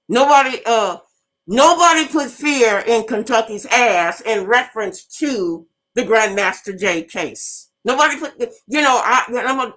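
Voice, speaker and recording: A woman's voice: fairly high pitch, fairly bright tone, poor audio. A middle-aged woman hosting an online radio talk show, telling stories bluntly and speaking straight to her listeners. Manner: storytelling, addresses audience directly, emphatic and blunt. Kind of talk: casual monologue to listeners.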